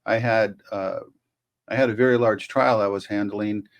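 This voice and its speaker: A man's voice: on the low side, steady tone, normal speed, dull audio. A man who is a lawyer, hosting his channel in casual video commentary, chatty and self-amused.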